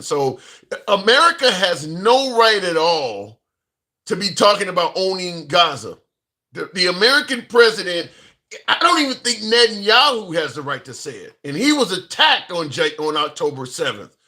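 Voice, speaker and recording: A man's voice: sits high, very animated, normal speed, pushed and bright. A man hosting a political call-in livestream, reacting to chat messages and repeating his points for emphasis. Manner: talks back to chat and callers, restarts and emphatic repeats. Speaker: call-in show host. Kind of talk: casual political commentary.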